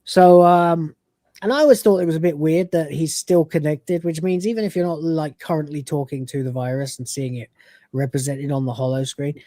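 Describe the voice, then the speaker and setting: Rambling male podcast host, mellow tone. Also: a little high, steady tone, moderate pace, no echo. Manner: rambling with many fillers, acts out quoted lines. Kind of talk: casual review chat.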